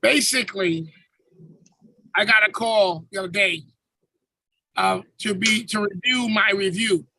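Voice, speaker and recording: Podcast host, male, very high gravelly voice, sharp and husky, swears freely through a comic rant on a video call. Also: measured pace, long pauses, no echo, rough recording. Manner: profane, storytelling with swearing and slang. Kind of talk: casual comedic rant.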